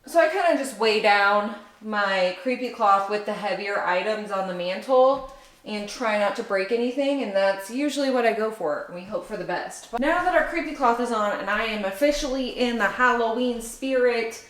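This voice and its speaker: A woman's voice: a little high, expressive, moderate pace, a little hiss or hum. A woman in casual, upbeat vlog chat, thinking aloud as she decorates her living room. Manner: chatty, upbeat, thinks aloud while working. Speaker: home decor vlogger. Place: home living room by a fireplace. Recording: roomy room echo.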